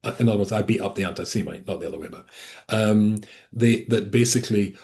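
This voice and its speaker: A man's voice: fairly low pitch, fast talker, creaky, dark tone. A male rabbi teaching a Torah class over a video call, talking in a digressive way with frequent restarts and asides.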